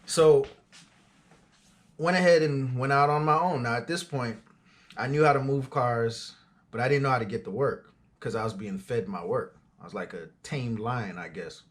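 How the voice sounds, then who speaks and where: Man, 40, small business owner, easygoing storyteller, mid-pitched voice, lots of "you know" and "uh". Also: moderate pace. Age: 40s. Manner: loose and conversational, frequent fillers and asides. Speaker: auto transport business owner. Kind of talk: casual storytelling.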